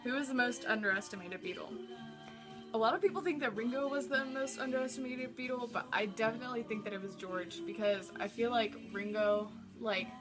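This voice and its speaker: A woman's voice: a little high, fairly quick, over music. A teenage girl casually answering tag questions for her vlog, rambling and filling every gap with likes and ums. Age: teens. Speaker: vlogger.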